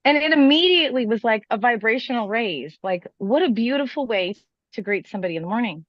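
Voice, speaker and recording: A woman who is a guest on a casual morning livestream, telling stories in an animated, drawn-out way. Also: fairly high pitch, no echo. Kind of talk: casual chat, storytelling. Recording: slightly dull dry audio.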